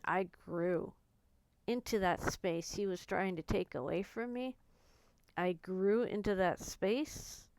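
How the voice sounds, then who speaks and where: A woman's voice: mid-range voice, clear, resonant tone, dry recording. Blunt, swearing woman telling a personal story. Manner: blunt, emotional, swears freely. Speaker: vlogger.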